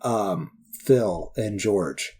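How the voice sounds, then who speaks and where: A man's voice: on the low side, expressive, drawn-out words, darkish tone, slightly rough. A man co-hosting a podcast, talking casually about movies in a laid-back way. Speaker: podcast co-host. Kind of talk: casual film discussion.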